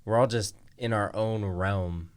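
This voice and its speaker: A man's voice: fairly low pitch, unhurried, smooth. A man in his twenties co-hosting a podcast, talking in a laid-back, slangy and teasing way. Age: 20s. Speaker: podcast co-host. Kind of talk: casual chat.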